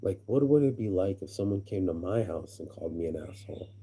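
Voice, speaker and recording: A man's voice: sits low, expressive, fairly quick, dark tone, slight background noise. A man with an American accent ranting casually to camera from a hammock outdoors, profane and rambling, stumbling and repeating words as he gets worked up. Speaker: vlogger.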